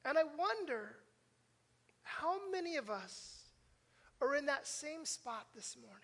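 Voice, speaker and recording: In a church sanctuary, an older pastor delivers an earnest, story-filled conversational sermon straight to his congregation. He speaks at a measured pace in a very high, animated and fairly bright voice, pausing often. The sound carries the long reverb of a church hall.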